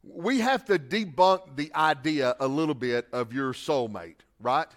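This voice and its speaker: A middle-aged pastor delivers a sermon in a relaxed, folksy manner, trading scripture for humorous asides. He talks like a father giving advice, and his voice sits high for a man. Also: measured pace.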